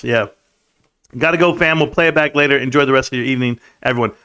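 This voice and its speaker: A man's voice: mid-range voice, animated, fast, bright, forceful tone. A man hosting a casual livestream from a room at home, reading out chat in a laid-back, chummy way and laughing often.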